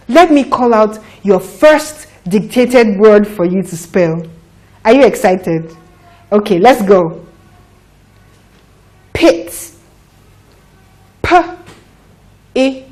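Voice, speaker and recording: A woman teaching phonics to young children, patient and encouraging, drawing out each sound slowly and clearly. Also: medium pitch.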